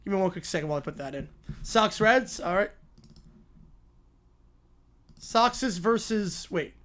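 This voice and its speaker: High-voiced guy hosting a livestream, chatty, quick asides, reading requests out loud. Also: animated. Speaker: streamer host. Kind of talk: casual livestream chat.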